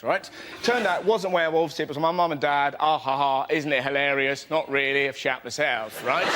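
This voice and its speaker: A man on a comedy panel show telling a stand-up story in a fast, excitable way. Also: high-pitched, a little hiss or hum. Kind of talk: stand-up routine.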